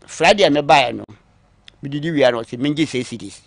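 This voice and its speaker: Gravelly man telling a long story. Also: a little high, fast talker, dry recording. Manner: long first-person account, acting out what others told him. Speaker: guest recounting his own story.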